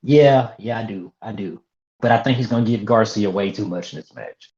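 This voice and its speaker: A man's voice: on the low side, normal speed, a little mellow. A young man co-hosting a casual wrestling review podcast, with a dry, mocking way of talking. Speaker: podcast co-host. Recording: dull lo-fi audio.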